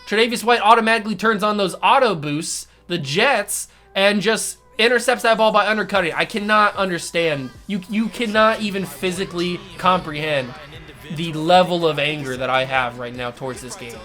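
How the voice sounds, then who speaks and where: A man hosting a gaming channel, ranting furiously through live gameplay commentary, swinging from shouts to low mutters. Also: normal speed, soft background music.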